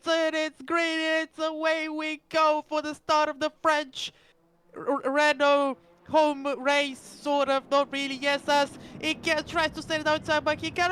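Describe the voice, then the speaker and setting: A woman commentating a sim race live, excitable, often stumbling over words and correcting herself. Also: sits high, unhurried. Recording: loud background noise.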